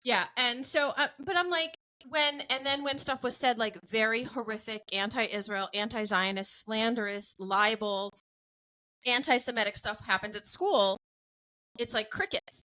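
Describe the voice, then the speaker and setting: A woman's voice: a little high, a little slow, bright, forceful tone, low-quality recording. A woman in her forties hosting a podcast, talking bluntly and animatedly and laughing often. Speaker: podcast host. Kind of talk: casual podcast chat.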